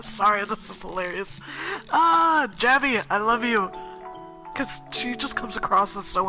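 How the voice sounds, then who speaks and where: A woman's voice: mid-range voice, expressive, measured pace. A woman streamer giving casual, playful gameplay commentary with giggly asides. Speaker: let's play streamer. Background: game music.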